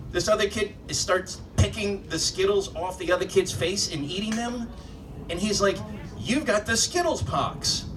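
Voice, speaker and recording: A man doing stand-up in a live club, his sardonic, profane rant heard from some way off the mic. His voice sits a little high for a man, and room noise stays clearly audible under his jokes. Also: distant mic. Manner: sardonic, profane ranting with rhetorical questions to the crowd. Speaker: stand-up comedian. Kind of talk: stand-up comedy set. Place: live comedy club stage.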